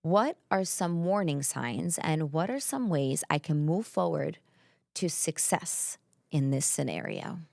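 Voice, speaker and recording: A woman's voice: deep voice, lively intonation, a little slow, creaky, darkish tone, no echo, studio quality. A woman with an accent co-hosting a casual chat, telling stories animatedly and acting out quoted voices. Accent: non-native English. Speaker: podcast co-host.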